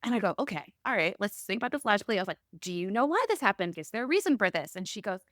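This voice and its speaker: A woman's voice: medium pitch, rapid-fire, no echo. Female co-host, 30s, chatty storyteller, dry close mic. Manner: animated storyteller acting out both sides of dialogue. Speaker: podcast co-host. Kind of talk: casual chat.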